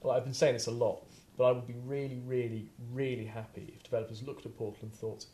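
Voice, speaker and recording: A man's voice: medium pitch, flat delivery, fast talker, dark tone, roomy sound. A man with a Scottish accent talking eagerly on a studio podcast, with many fillers. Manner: enthusiastic, hesitant with fillers. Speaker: podcast co-host. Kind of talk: casual studio chat.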